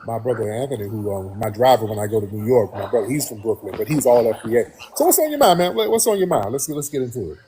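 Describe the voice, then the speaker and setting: A man hosting a call-in radio show, talking in a preachy, mocking way and acting out quoted voices in a high pitch. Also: expressive, quick pace, few pauses, mellow, a little hiss or hum. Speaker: radio show host taking callers. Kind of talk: animated call-in talk.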